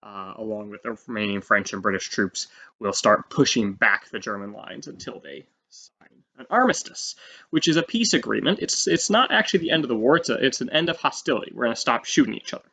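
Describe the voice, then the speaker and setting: A man teaching a history lesson in a casual, animated way, often saying "um" and acting out quotes. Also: medium pitch, fairly quick, slightly rough. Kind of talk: explaining a history lecture. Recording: slightly dull lo-fi audio.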